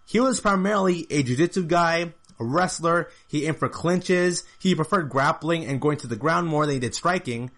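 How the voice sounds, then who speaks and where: A man's voice: on the high side, moderate pace, hardly any pauses, fairly bright tone. A man hosting a solo podcast, recapping a fight in casual talk and repeating numbers and points for emphasis. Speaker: podcast host.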